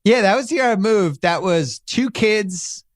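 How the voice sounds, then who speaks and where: A man's voice: high-pitched, expressive, measured pace, no echo, clean studio sound. A man hosting a casual podcast, running through the show lineup in an upbeat, rambling way with frequent restarts. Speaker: podcast host.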